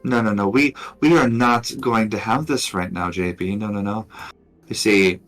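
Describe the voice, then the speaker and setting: A man voices a sneering rival gang leader in a tabletop game. His low voice is dismissive and falsely polite, with slow, drawn-out refusals. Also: fairly bright tone. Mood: mocking. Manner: dismissive, repeats "no, no, no".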